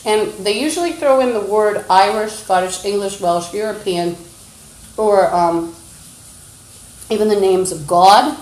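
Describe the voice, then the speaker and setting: A woman's voice: mid-range voice, measured pace, a little mellow, echoey room, poor audio. A woman livestreaming, ranting in an agitated, insulting, accusatory way into a phone. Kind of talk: rambling livestream rant.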